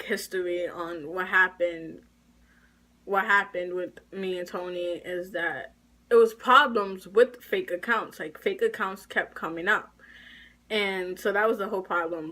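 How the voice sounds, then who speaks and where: A teenage girl telling a story to her camera. She talks casually and acts out both sides of the conversation, her voice jumping high when she is outraged. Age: teens. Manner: animated retelling, shrill when indignant. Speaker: high school student.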